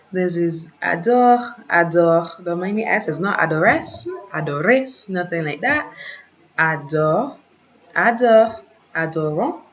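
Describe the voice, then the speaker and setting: Patient, slow-talking woman teacher. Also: on the low side. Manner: patient, repeats conjugations, sudden laughs, encouraging. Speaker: French teacher. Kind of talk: slow classroom lesson, repeating drills. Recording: dull lo-fi sound.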